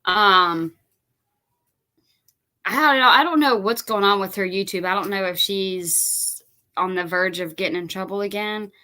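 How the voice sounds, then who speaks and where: A woman's voice: medium pitch, measured pace, sharp tone, rough recording. A woman hosting a reaction commentary, exasperated and incredulous. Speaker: commentary host.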